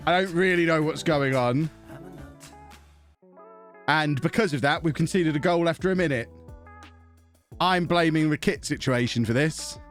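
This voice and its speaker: A man casually commentating on his own football management game on a live stream, chatty and self-mocking as he thinks aloud and thanks subscribers. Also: fairly high pitch.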